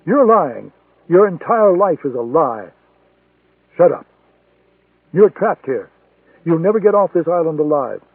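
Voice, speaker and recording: A man's voice: on the high side, big pitch swings, unhurried, long pauses, husky, no echo, voice pushed up, full character voice. A man voicing a defiant male intelligence agent who speaks in a cold, accusing way. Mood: angry. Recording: tinny phone-like sound, dry.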